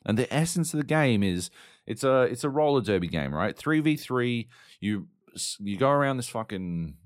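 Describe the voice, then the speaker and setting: Here a medium-pitched male podcast host rambles through a casual solo rant on games at normal speed, his intonation lively. He's sweary and exasperated, full of fillers, on a dry, clean studio recording.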